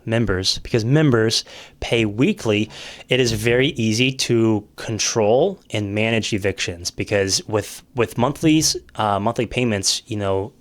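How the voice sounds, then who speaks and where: Low-voiced man walking through rental numbers. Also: measured pace. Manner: conversational, many fillers and restarts, thinking aloud over numbers. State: coughing now and then. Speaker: realtor explaining rental investing. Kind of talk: casual screen-share explainer.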